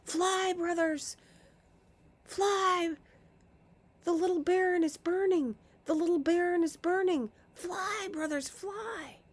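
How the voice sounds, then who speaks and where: A woman doing shrieking, terrified ice creatures. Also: slow. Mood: panicked. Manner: high frantic shrieking cries.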